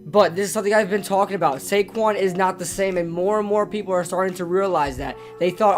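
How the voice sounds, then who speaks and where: Hoarse man ranting about his team. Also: high voice, a little fast, hardly any pauses, faint music behind. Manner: fired-up, ranting, repeats himself. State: hoarse from yelling at a game. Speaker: sports commentary vlogger. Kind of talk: casual sports rant.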